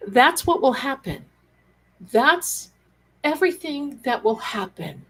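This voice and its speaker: A woman's voice: sits high, takes it slowly, slightly rough, low-quality recording. Chatty woman hosting a live spiritual stream. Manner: chatty, animated, acts out quoted dialogue, calls viewers darlings. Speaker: psychic and tarot host.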